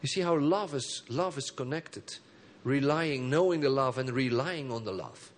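A man preaching a sermon as pastor. He calls for responses from the congregation and swings between soft, low phrases and emphatic high bursts. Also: animated, moderate pace, slight background noise. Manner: engages the congregation with call and response.

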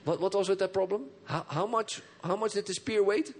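A man preaching a sermon in an animated way, often laughing and repeating his words. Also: high voice, a little fast.

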